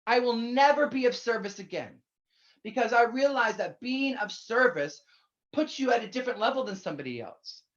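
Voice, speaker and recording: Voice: medium pitch, expressive, moderate pace, dull audio. Blunt, candid minister giving a sermon. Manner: candid, blunt, swears casually; conversational, addresses listeners directly.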